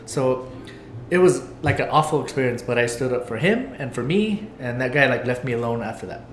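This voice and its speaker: A man co-hosting a casual podcast, telling stories in a lively way, swearing freely and acting out what others said. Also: medium pitch, brisk, reverberant, a little hiss or hum. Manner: animated storyteller, swears freely, acts out quoted voices. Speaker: podcast co-host. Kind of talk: casual chat.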